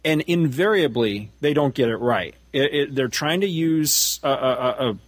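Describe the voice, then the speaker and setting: A man's voice: mid-range voice, normal speed, dry recording. A man in his forties co-hosting a casual podcast, ranting with profanity and frequent laughter. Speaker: podcast co-host. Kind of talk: casual comic-book discussion.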